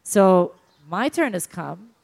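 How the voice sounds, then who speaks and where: A woman casually telling an embarrassing story in a chat, animated and laughing often as she talks. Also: lowish voice, takes it slowly, gravelly.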